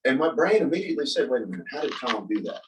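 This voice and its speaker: A man telling a personal story in a casual talk, animated and acting out the voices of the people he quotes. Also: medium pitch, racing, a little hiss or hum. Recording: voice from a distance from the mic.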